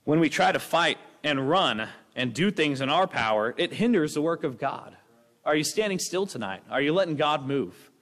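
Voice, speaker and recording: A young man preaching a sermon with a rambling, energetic delivery, breaking into acted-out voices. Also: fairly high pitch, normal speed. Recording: long hall reverb.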